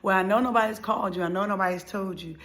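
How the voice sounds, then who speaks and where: A woman's voice: medium pitch, fairly even intonation, fast talker, a bit bright, close to an everyday voice. Woman voicing an earnest urging young niece.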